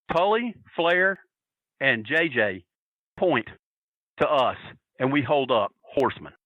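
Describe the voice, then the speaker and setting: A man, a podcast guest, telling a story in an excitable, profane way and acting out what people said. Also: mid-range voice, dry recording, rough recording. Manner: profane, excitable, acts out quotes. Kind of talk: animated storytelling.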